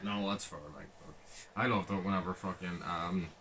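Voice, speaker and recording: A man's voice: deep voice, steady tone, normal speed, fairly bright tone, a little hiss or hum. A young man co-hosting a podcast, chatting casually, swearing often and acting out scenes with hyped outbursts.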